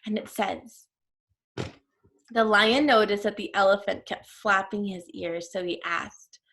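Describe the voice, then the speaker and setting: A woman's voice: medium pitch, fairly even intonation, a little slow, a bit bright. A woman teacher reading a storybook to her class, stopping to explain words and ask questions.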